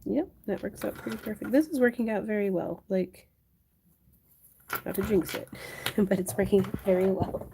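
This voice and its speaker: A woman's voice: mid-range voice, normal speed, vocal fry, long pauses, noisy background. A young woman hosting a craft livestream, chatting casually and answering viewers while she works. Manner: chatty, thinks aloud and answers viewer chat.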